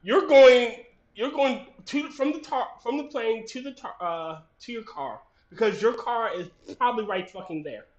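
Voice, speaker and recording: A man's voice: very high voice, moderate pace. A man chatting casually on a podcast, rambling and restarting, swearing freely. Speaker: podcast co-host. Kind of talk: casual chat. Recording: roomy lo-fi voice chat.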